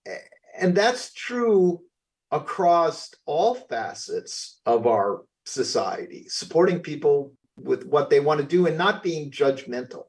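A man co-hosting a radio talk show, rambling and halting, with many fillers. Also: a little high, big pitch swings, distant mic. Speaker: radio co-host, parent.

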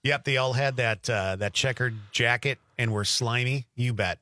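Male radio co-host, laid-back chat, bright dry studio sound. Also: mid-range voice, normal speed, dry recording. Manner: relaxed, brief replies, laughs along. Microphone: studio microphone.

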